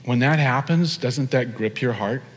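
Guy preaching, gets animated, drags out big words, voice rings around the hall. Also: medium pitch. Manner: animated, drawn-out emphatic phrases. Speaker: pastor. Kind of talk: sermon. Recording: long hall reverb.

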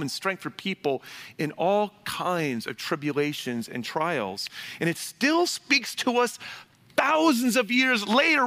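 A man's voice: on the high side, sharp tone. A man preaching a sermon in a conversational way, with asides and little jokes to the congregation. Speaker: pastor.

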